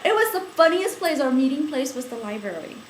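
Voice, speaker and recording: Woman interviewee, lively laughing storyteller, echoey recording with light hiss. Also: high-pitched, brisk. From India. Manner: chatty, laughing storyteller with many fillers. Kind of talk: oral history storytelling.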